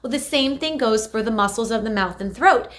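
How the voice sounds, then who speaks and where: A young adult woman, a speech therapist, giving an energetic, emphatic explanation in an instructional health video. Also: on the high side, a little fast.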